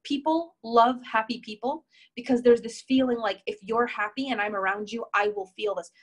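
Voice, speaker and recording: A relationship coach runs a group call, her voice on the high side and her pace moderate. She is warm and encouraging toward her listeners and reads their comments aloud.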